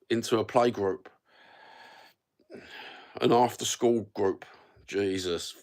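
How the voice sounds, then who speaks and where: A man in his fifties with a Cockney accent, chatting and ranting casually on a live stream in a rambling, sweary, blokey way, recorded on a phone. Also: medium pitch. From London. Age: 50s.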